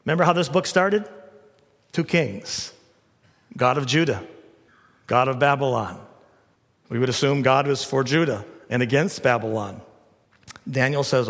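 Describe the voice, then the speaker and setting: Man, pastor, sermon, dramatic loud-to-whisper delivery, bright sharp tone, very lively pitch. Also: normal speed, long pauses, big-room sound.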